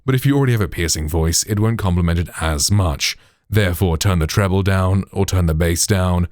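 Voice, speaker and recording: A man's voice: sits low, fairly quick, a little mellow, dry recording. A British man hosting a tech tutorial, explaining in a chatty way full of "like", "you know" and "right", through a processed studio microphone.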